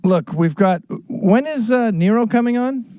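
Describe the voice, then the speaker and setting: A man's voice: very high-pitched, lively intonation, measured pace, warm tone, smooth. A man hosting a casual chat show, teasing his guest in a blunt, profane way. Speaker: host.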